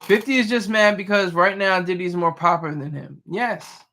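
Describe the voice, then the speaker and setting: High, bright-voiced man hosting a live chat. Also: normal speed. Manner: playful, teasing, restarts words often. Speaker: livestream host. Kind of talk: casual chat reading live comments.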